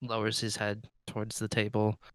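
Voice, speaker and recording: A man's voice: fairly low pitch, completely flat delivery, normal speed, fairly bright tone, smooth, dry recording, studio quality. A man player narrating his character's actions in a tabletop game, with hesitant, loose phrasing.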